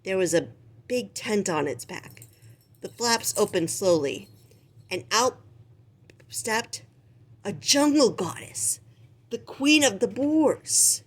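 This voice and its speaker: A woman reading a children's picture book aloud with expressive, animated storytelling. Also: medium pitch, slow, pauses often, breathy edge. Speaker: storybook reader.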